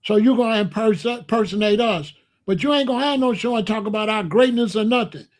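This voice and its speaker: Man, high voice, angry ranting commentary host, blunt and slangy. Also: quick pace. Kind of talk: heated livestream rant.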